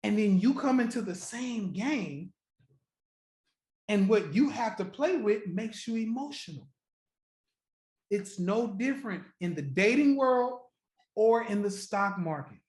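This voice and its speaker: A man's voice: high-pitched, lively intonation, darkish tone. Loose-talking man on a livestream, roomy echo. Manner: loose, profane, joking, laughs often, repeats points slowly. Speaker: trading livestream host. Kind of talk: casual live-stream chat with viewers.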